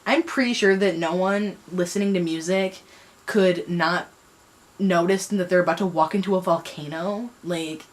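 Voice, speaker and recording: A woman's voice: on the low side, normal speed. A young woman vlogger, talking casually and mocking herself as she rambles, using lots of fillers. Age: young adult. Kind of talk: casual commentary on reading.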